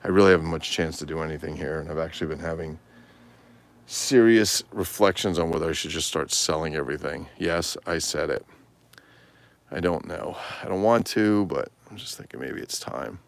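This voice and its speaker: A man's voice: very deep voice, normal speed, vocal fry, no echo. A tired man chatting casually and rambling on a livestream, swearing freely. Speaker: toy collector livestream host.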